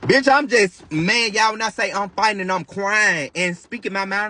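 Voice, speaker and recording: A man telling a dramatic storytime to viewers, animated and profane, talking straight to his audience. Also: sits high, normal speed, few pauses. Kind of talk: storytime vlog addressing viewers.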